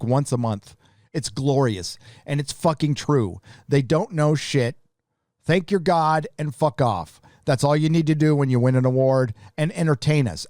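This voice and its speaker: A man hosting a live stream, ranting bluntly and profanely in a casual, halting way. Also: a little high, a little mellow, no room sound, studio quality. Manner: casual, with restarts.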